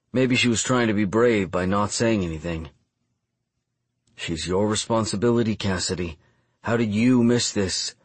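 A man reading a first-person audiobook narration in a measured, even storytelling delivery. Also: fairly low pitch, breathy edge, no echo.

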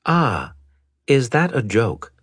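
A man voicing a polite male alien AI that speaks in a formal, measured, robotic way. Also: mid-range voice, wildly swooping pitch, fairly bright tone, slightly rough, no echo, clean studio sound, voice pushed up, heavily acted.

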